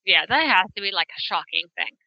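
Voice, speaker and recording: A woman's voice: medium pitch, animated, fairly quick, vocal fry, no room sound, highs cut off. A woman in casual chat with friends, laughing often and making jokey asides. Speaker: podcast co-host.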